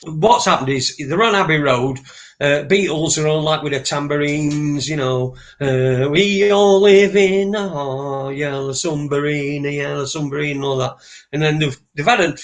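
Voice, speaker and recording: A man's voice: medium pitch, a bit bright. A man, co-hosting a casual chat and telling rambling, sweary stories. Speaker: podcast co-host.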